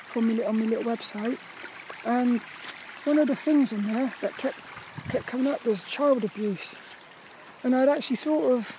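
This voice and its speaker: A rambling English vlogger talks quietly and casually while walking through woods by a river, often restarting thoughts. The voice is mellow and dark, picked up by a carried camera with faint trickling water behind. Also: mid-range voice, a little hiss or hum, low-quality recording. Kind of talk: casual walk-and-talk vlog.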